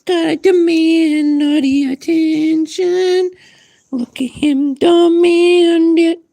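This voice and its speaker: A very high, squeaky dog voice, slow and bossy, a pet demanding attention. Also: male voice, fairly even intonation, creaky, warm tone, dry recording, full character voice.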